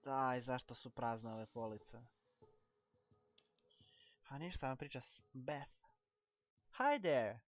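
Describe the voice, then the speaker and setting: A man giving casual let's play commentary in quiet, muttered asides. His voice sits at a middle pitch. The recording is dull and lo-fi with faint game music behind. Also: steady tone, unhurried, pauses often.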